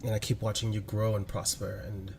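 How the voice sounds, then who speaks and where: A devoted male lover speaks his farewell letter aloud, voiced by a man, tender and lightly teasing. The voice sits low and gentle. A faint background hiss runs under the tabletop game. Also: flat delivery, brisk, gravelly.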